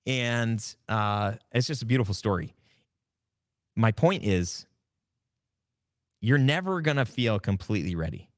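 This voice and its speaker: A man hosting his own podcast, telling stories in a casual, animated way and acting out his past conversations. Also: lowish voice, normal speed, dry recording, studio quality. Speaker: podcast host. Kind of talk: casual solo podcast talk.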